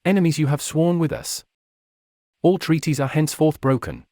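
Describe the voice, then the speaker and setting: A man's voice: a little high, normal speed, warm tone, no echo, clean studio sound, voice pushed up, natural voice. A man voicing a snide, plump baron who is cold and scornful, sneering and raging at his captives in a storybook reading.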